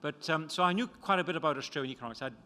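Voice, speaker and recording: Racing along in a sharp, higher-than-average voice, an older economist from Scotland presents his book in a conference talk. He has a Scottish accent, meanders, pokes fun at himself, and keeps starting over, all in lecture hall reverb.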